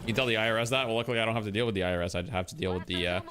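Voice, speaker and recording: A man's voice: fairly low pitch, very fast, fairly bright tone. A man from Canada who hosts a stream and gives casual live commentary on a game, joking and swearing now and then.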